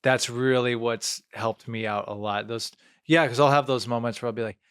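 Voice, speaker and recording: A man's voice: mid-range voice, steady tone, normal speed, a bit bright, smooth. Brief: male podcast host, easygoing and reflective, quotes his own inner voice. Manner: reflective, laughs lightly, acts out his own thoughts. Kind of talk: casual podcast conversation.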